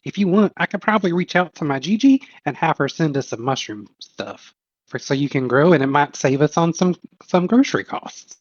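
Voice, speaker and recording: Lively, rambling tabletop player. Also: male voice, a little high, a little fast, no room sound, muffled recording. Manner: rambling, joking. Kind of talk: playing a tabletop game in character.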